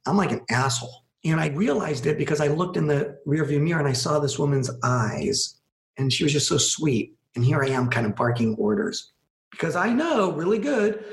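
A man with a gravelly, creaky voice tells a story as a podcast guest, animated and conversational. He acts out the lines people said to him. The sound bounces around an echoey room. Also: mid-range voice, moderate pace. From Los Angeles.

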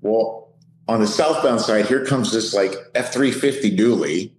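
A middle-aged man, a police sergeant, telling a lively story as a podcast guest, often laughing. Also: fairly low pitch, a little slow, reverberant, low-quality recording. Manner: lively, laughing anecdote teller. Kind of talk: animated storytelling.

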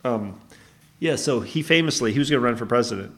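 A man's voice: mid-range voice, lively intonation, brisk, a bit bright. A man co-hosting a podcast, talking casually and rambling through stories, often correcting himself. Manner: rambling, self-correcting storyteller. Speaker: podcast co-host. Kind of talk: casual chat.

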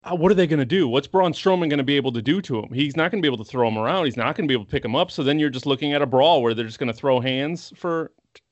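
A man co-hosting a casual wrestling podcast, retelling events with animated acted-out quotes. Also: mid-range voice, racing, no room sound, highs cut off. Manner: animated storytelling, acts out quotes. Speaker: podcast co-host. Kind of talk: casual chat.

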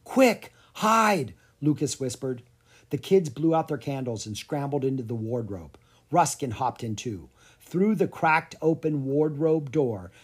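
A narrator reading a children's chapter book aloud, with storyteller pacing and dramatic pauses. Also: medium pitch, a little mellow, breathy edge. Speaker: audiobook narrator.

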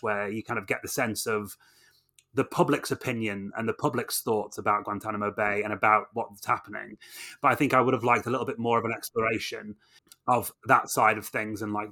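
Bright-voiced man, rambling enthusiast. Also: lowish voice. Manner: enthusiastic, rambling, filler-heavy. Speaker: podcast co-host. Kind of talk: casual film review chat.

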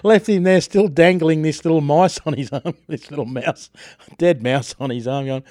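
A man's voice: on the high side, normal speed, a little mellow. A man with an Australian accent hosting a breakfast radio show, telling stories and reading news in a chatty way, often laughing, with a sore throat.

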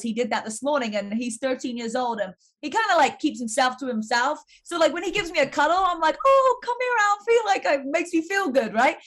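An upbeat English woman speaks as a guest in a casual interview. Her voice sits a little higher than most women's, and she talks freely, sprinkling "like" through her answers. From England. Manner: upbeat, heavy use of "like". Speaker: guest, fitness entrepreneur.

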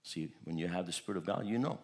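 A pastor from Turkey preaching a sermon, telling stories animatedly and often repeating words. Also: male voice, low-pitched, fast. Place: church.

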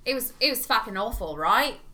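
A tipsy woman telling stories in casual chat, animated and swearing freely. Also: a little high, brisk. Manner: animated, profane storyteller. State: tipsy from drinking.

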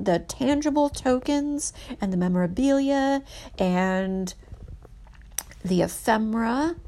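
Slow, earnest woman telling history. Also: medium pitch, mellow. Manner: earnest, emphatic, halting with restarts. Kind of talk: casual history narration from notes.

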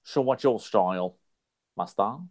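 Man doing a martial arts master, odd accent close to Australian, slow, low, clipped. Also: animated, a little mellow, dry recording. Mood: calm, terse. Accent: odd put-on accent, close to Australian. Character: male martial arts film master, calm and terse.

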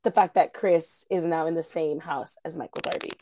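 A woman's voice: low-pitched, fairly even intonation, normal speed, dark tone, slight background noise. A woman co-hosting a casual gossip chat, thinking aloud hesitantly about reality TV drama. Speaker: podcast co-host.

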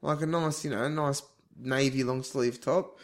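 A man's voice: medium pitch, fairly even intonation, measured pace. A man from Melbourne with an Australian accent co-hosting a podcast, easygoing and slangy, swearing and calling his friend mate. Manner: laid-back, slangy, swears, says "mate". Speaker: podcast co-host. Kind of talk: casual banter.

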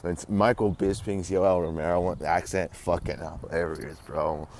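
A man's voice: deep voice, fairly even intonation, normal speed, a little mellow, slight background noise. A man hosting a casual sports podcast, rambling with lots of fillers and swearing freely, his throat a little dry. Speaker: podcast host.

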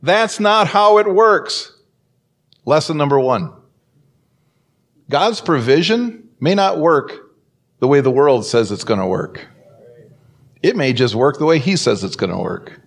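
A man preaching a sermon as pastor, telling a story and acting out the quoted voices with big swings in pitch. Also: lively intonation, measured pace, long pauses.

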